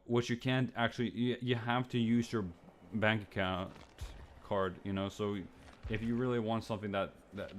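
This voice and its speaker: A young man streamer venting in a rambling, frustrated way, swearing and stammering through restarts. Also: slight background noise. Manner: jumps to high, loud mimicking when quoting others.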